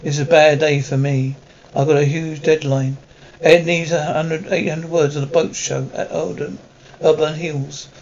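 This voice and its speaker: Dry, sarcastic sitcom dad fussing over his teen girls, kinda high voice, muffled tv sound. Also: little pitch movement, unhurried, creaky, darkish tone, slight background noise. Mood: hurried. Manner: dry, wisecracking, exasperated. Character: sarcastic, overprotective middle-aged dad of teenage girls. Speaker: sports writer father. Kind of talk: sitcom acting. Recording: dull lo-fi television audio.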